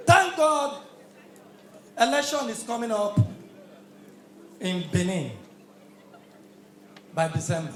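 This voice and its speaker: A man with a Nigerian accent doing a stand-up comedy routine on stage, shouting his punchlines in Pidgin. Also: high voice, big pitch swings, slow, long pauses, slight background noise. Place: live comedy show stage with audience. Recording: echoey live venue with crowd.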